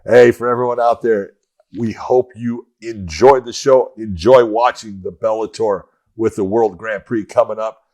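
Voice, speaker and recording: A man's voice: fairly low pitch, steady tone, normal speed, a little mellow. A middle-aged man co-hosting a fight podcast, chatting casually and telling stories with plenty of swearing. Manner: profane, storytelling. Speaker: podcast co-host. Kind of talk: casual chat.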